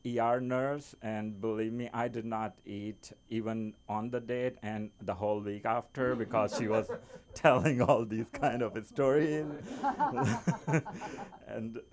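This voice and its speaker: A man who is not a native English speaker doing an open mic stand-up set in a small comedy club, halting, with many fillers and restarts. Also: medium pitch, crowd noise.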